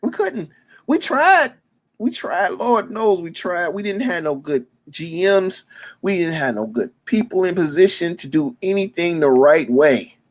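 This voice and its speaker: This Detroit fan and onetime youth football coach talks with a high-sitting voice, lively intonation, and a slightly slow pace. His off-the-cuff monologue is emotional, with repetition, stumbling words, and sudden loud bursts.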